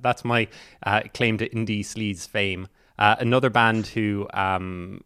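A man's voice: on the low side, a bit bright, smooth, no echo, studio quality. A man hosting a podcast, chatting casually and teasing his guest, laughing often. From Ireland. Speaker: podcast host. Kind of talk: casual chat.

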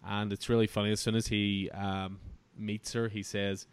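A man hosting a casual comic book podcast, relaxed and chatty, laughing often. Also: lowish voice, normal speed, clear, resonant tone. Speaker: podcast host.

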